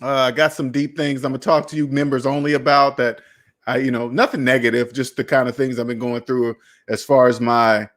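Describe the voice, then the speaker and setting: A man hosting a casual talk about debt, laid-back and slow, tagging "man" onto his sentences. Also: medium pitch, flat delivery, fairly bright tone. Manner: laid-back, says "man" often, wraps up slowly. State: hiccuping. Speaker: host. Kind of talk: casual chat.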